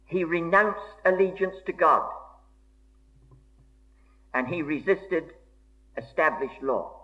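Preacher, male, fairly high voice, measured and emphatic delivery, dull old recording. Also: animated, sharp tone. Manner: slow, deliberate and emphatic, old-fashioned formal diction. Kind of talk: sermon.

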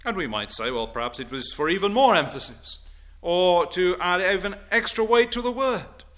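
A man preaching a sermon, deliberate and emphatic, with formal, old-fashioned wording and rising declamation on scripture quotes. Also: high voice, expressive, a bit bright.

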